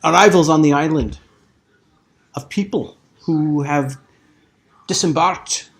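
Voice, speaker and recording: A man's voice: on the high side, slow pace, creaky. Man voicing a haughty old scholar. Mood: portentous. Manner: condescending, theatrical pronouncements. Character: arrogant old male scholar-adventurer. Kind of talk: game master voicing a character.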